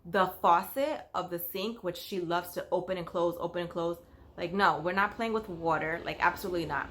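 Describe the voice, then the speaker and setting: A woman's voice: fairly low pitch, brisk, a bit bright. A woman who works as a nanny, telling a story in a casual vlog, chatty and full of fillers like "like" and "you know".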